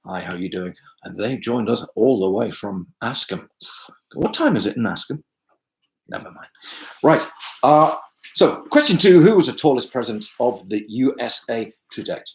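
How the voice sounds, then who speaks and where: A man's voice: medium pitch, lively intonation, moderate pace, gravelly, poor audio. A man hosting a pub quiz from home on a video call, chatting and joking with lots of fillers. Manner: chatty, jokey asides, many fillers. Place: home room.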